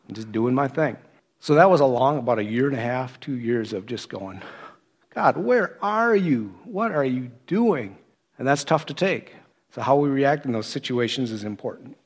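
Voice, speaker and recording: A middle-aged man giving a sermon, telling his own story in a conversational way with animated quoted asides. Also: mid-range voice. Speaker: associate pastor turned preacher. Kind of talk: sermon with personal testimony.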